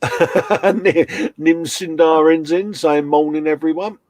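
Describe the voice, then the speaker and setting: A man's voice: on the high side, fairly even intonation, slow pace, a little mellow, no echo. A man hosting a casual live stream, reading out chat messages and greeting viewers with a laugh. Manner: chatty, reads chat messages aloud, laughs often.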